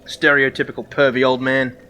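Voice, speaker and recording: A man's voice: mid-range voice, flat delivery, a little fast, bright, forceful tone, faint music behind. A man streaming a video game, joking to himself and laughing often in casual commentary. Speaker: gaming streamer. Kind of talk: casual let's-play commentary.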